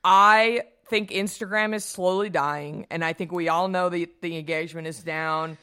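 A woman co-hosting a beauty podcast in casual chat, gushing and enthusiastic, speeding up when excited. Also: lowish voice, moderate pace. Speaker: podcast co-host.

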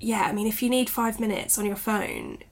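Guest, woman, 30s; candid and reflective, gravelly and a bit husky. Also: medium pitch, steady tone, moderate pace. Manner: reflective, candid, laughs often. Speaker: guest, author and new mother. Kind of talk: conversational interview.

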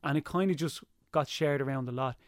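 A young Irish man chatting as an interview guest, telling lively stories and slipping into impressions. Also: mid-range voice, brisk, dry recording, clean studio sound. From Ireland. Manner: lively storyteller, slips into impressions. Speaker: guest, YouTuber. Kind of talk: casual interview chat.

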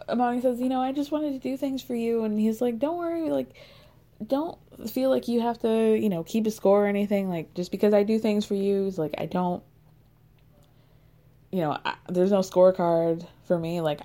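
A woman's voice: medium pitch, measured pace, warm tone. A woman casually retelling a reality show episode, acting out each person's lines and laughing often. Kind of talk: casual recap chat.

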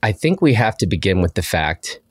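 A man's voice: sits low, big pitch swings, brisk, husky, dry recording, studio quality. A man co-hosting a podcast in a laid-back, joking chat. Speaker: podcast co-host. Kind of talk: casual chat.

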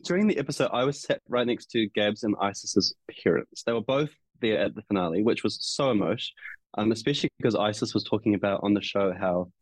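A young man co-hosting a podcast in casual chat, gossipy and quick to laugh. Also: fairly low pitch, no room sound. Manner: chatty and gossipy, laughs often. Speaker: podcast co-host.

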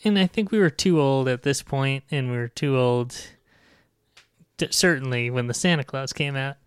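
A man's voice: mid-range voice, normal speed, clear, resonant tone, dry recording. A man co-hosting a podcast in casual chat, giving dry, wry short replies. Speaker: podcast co-host.

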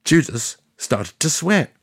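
God tells his side of the story as a sardonic, offhand narrator. His delivery is animated, with wide swings in pitch. The recording is dry and close to the mic. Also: slow, dry recording, exaggerated voice. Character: God as a sardonic, boastful narrator, ageless man. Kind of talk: scripted comedic narration.

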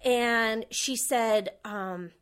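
A woman co-hosting a casual podcast chat, telling animated stories and laughing often. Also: a little high, very slow, clean tone. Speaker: podcast co-host.

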